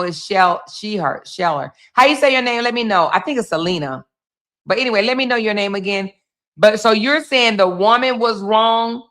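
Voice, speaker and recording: A woman's voice: medium pitch, pushed and bright. A woman hosting a livestream, chatting with her viewers while she comments on a video. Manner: chatty, talks straight to viewers. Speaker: livestream host.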